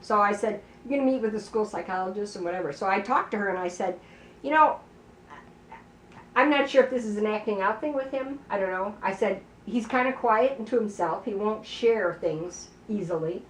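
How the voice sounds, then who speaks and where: A woman's voice: mid-range voice, a little fast. Woman, older, casual storytelling, acts out dialogue, distant mic, echoey room. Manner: chatty storyteller, acts out dialogue, many "you know"s. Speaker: parent telling a family story. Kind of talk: casual conversation. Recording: roomy, distant, faint background noise.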